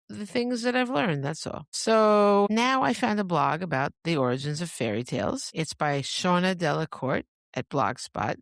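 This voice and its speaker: A woman's voice: sits low, no echo, clean studio sound. A woman hosting a solo podcast, talking casually in a rambling, self-interrupting way with laughing asides. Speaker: podcast host.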